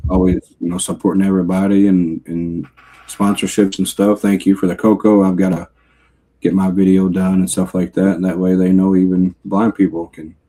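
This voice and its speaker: A man co-hosting a casual podcast, his voice very low and dark. He speaks in a flat, halting way, pausing as he gathers his words. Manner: soft-spoken, halting. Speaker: podcast co-host. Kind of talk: casual live podcast chat.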